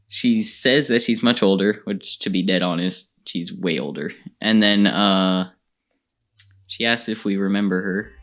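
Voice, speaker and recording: Rambling, laughing gaming host, lowish voice. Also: male voice. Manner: rambling, animated storytelling with frequent laughs. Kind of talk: casual gameplay recap.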